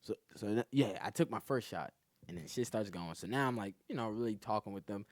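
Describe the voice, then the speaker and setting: A man's voice: lowish voice, a little fast, dry recording, studio quality. A man, a comedian guest on a podcast, telling a story in a casual, profane way and often saying "you know what I'm saying". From New York.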